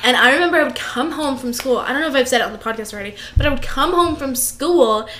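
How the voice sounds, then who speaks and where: A young woman co-hosts a casual chat podcast in a high voice, talking very fast. She tells stories animatedly, acting out the lines people said. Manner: animated, acts out quotes in storytelling. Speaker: podcast co-host.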